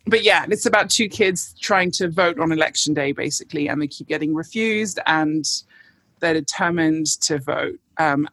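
A woman's voice: sits low, a bit bright, no room sound. A woman bookseller as a podcast guest, chatting enthusiastically and laughing often. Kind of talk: casual interview chat.

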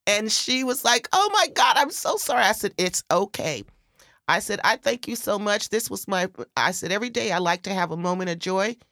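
Woman, casual storytelling, animated quoted voices, dry close sound. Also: normal speed, dry recording. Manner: acts out quoted voices with big pitch jumps.

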